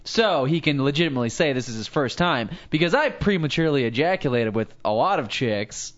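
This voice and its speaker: A man co-hosting a podcast, tossing out dry deadpan one-liners in crude banter. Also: mid-range voice, a little fast, lo-fi sound. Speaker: podcast co-host.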